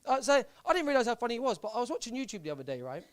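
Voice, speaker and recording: A young man from Southampton, doing stand-up on a club stage. He talks in a fairly high, very lively voice, deadpan and halting, and he repeats his lines. The sound is close and dry through a handheld mic. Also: no echo. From Southampton, England. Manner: deadpan, hesitant delivery with many fillers and repeats. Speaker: stand-up comedian. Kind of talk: live stand-up set.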